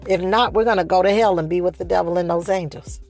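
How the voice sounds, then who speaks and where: A woman preaching a sermon, speeding up and slowing down, stressing and repeating her phrases. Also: on the low side, fairly even intonation, a little mellow, faint music behind. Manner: preaching with shifting pace, rising emphasis and repeated phrases.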